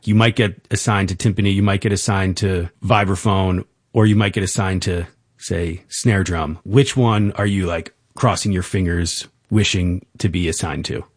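Male interviewer, low voice, upbeat and encouraging, dry studio sound. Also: fairly even intonation, moderate pace, slightly rough, dry recording. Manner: enthusiastic, encouraging. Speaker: interview host. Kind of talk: interview hosting.

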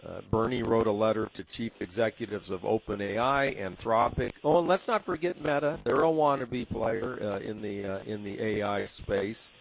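A man's voice: on the low side, normal speed, creaky, few pauses, a little hiss or hum, low-quality recording. A man from Southern California with a San Diego accent, hosting a talk radio show in a rambling way, full of fillers and restarts. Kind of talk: casual radio commentary.

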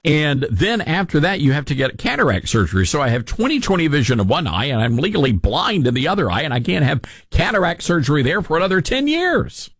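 A man's voice: on the high side, sing-song, a little fast, few pauses, breathy edge, no echo, studio quality. A man hosting a podcast, telling a rambling, self-deprecating story in a casual chat. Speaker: podcast host.

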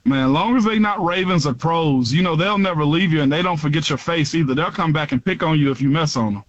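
A man co-hosting a radio sports talk show, telling stories in a loose, slangy, animated way in the studio. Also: a little high, fast talker, dry recording, highs cut off. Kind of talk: casual studio banter.

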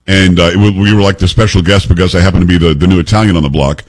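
A middle-aged man hosting a talk radio show, telling stories in a joking, animated way. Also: low-pitched. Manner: animated storyteller, fast and joking. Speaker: radio host. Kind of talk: casual talk radio banter.

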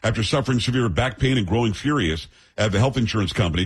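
A man hosting a talk radio show, giving brisk, opinionated commentary and teasing his co-hosts. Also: fairly low pitch, expressive, husky.

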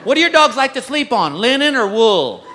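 A man's voice: very high-pitched, big pitch swings, moderate pace, pushed and bright, voice pushed up, exaggerated voice. A man voicing a chirpy young female pet-spa clerk, prim and overly polite. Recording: live club, crowd and noise.

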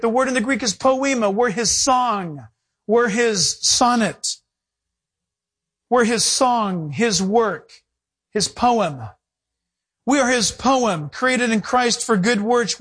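A male pastor delivers a sermon with a slightly husky edge. His pitch rises and falls widely, and he acts out little scenes of dialogue as he preaches. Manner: animated preaching with acted-out dialogue and laughter.

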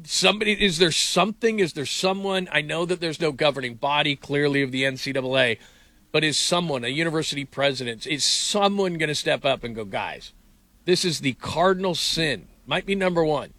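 Middle-aged male sports host, incredulous and rambling, bright tone, close dry mic. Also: on the high side, a little fast, dry recording. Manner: animated, incredulous, rambling with restarts. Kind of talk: casual sports talk.

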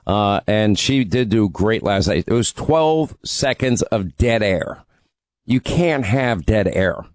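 A man's voice: lowish voice, lively intonation, takes it slowly, dry recording. A man hosting a call-in radio show, needling and arguing with a caller. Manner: combative, needling. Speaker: radio talk show host.

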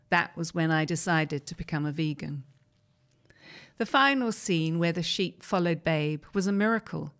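A woman presenter reading newspaper articles aloud in measured, clear narration, now and then briefly voicing the people quoted. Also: lowish voice.

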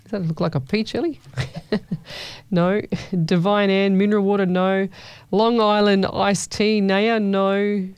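A woman's voice: mid-range voice, steady tone, unhurried, smooth, no echo. Chatty woman radio host. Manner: chatty, warm-hearted, calls listeners "lovey". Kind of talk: casual call-in radio chat. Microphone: studio microphone.

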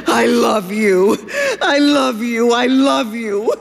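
A woman voicing a lovesick, anxious young male duck with a high, trembling voice close to tears in a storybook reading. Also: big pitch swings, moderate pace, in a large hall. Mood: pleading.

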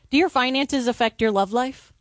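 A woman's voice: on the high side, measured pace, no room sound. A woman at a radio show's news desk reading a survey story and answering the hosts with short reactions. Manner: plain, brief reactions. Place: radio studio. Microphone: studio microphone.

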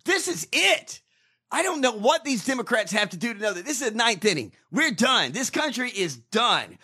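A man ranting in a casual chat, animated and full of cursing. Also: very high-pitched, normal speed, breathy edge. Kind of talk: casual profane political rant.

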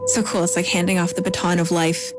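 Woman host, eager and chatty, music bed clearly under her voice. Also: on the low side, huge pitch swings, quick pace. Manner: eager, chatty, many fillers. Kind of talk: podcast narration and interview.

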